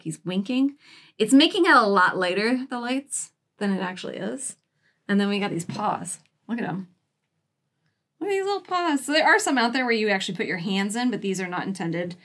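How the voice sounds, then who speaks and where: A woman's voice: medium pitch, animated, brisk, a bit bright. A woman vlogger chatting casually at home while showing off a shopping haul, giggling and cooing baby talk at her cats.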